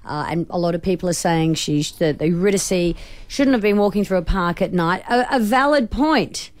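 A woman's voice: fairly low pitch, moderate pace, no echo. Woman co-host on breakfast radio. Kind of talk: radio talk. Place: radio studio.

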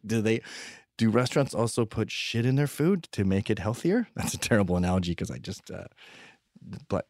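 A man's voice: fairly low pitch, expressive, a little fast, a little mellow, no echo, studio quality. A man telling rambling, profane stories with sardonic humor in a comedic monologue. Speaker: podcast host telling stories.

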